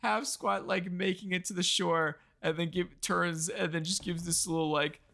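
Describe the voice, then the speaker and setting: Male film podcast co-host, bright and a bit high, loose and agreeable in conversation. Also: fairly even intonation, moderate pace, creaky. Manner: chimes in with short agreements and laughs. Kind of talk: casual film review chat.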